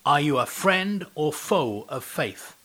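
A man with a slightly high voice preaches a devotional talk. He tells a scripture story, then asks the listener rhetorical questions. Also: animated, slow, bright, forceful tone.

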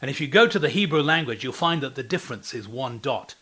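A man's voice: mid-range voice, lively intonation, fast, fairly bright tone, slightly rough. A man giving a devotional talk as a preacher, telling a scripture story and asking the listener rhetorical questions.

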